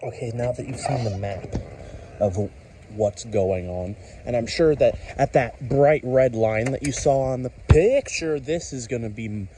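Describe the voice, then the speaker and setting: A tired man in casual, rambling vlog commentary, excitable and talking to himself while standing outside in a rainstorm. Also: mid-range voice, unhurried, slight background noise, rough recording. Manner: chatty, excitable, talks to himself, mild self-censored cursing. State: tired from staying up all night. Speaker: vlogger. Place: outdoors on a top step in a rainstorm. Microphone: handheld camera. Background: rain falling.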